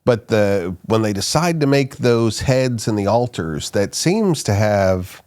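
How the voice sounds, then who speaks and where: A middle-aged man, an archaeologist guest, telling stories in a casual interview, animated and quick to laugh. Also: fairly low pitch. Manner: animated, laughs often, restarts sentences.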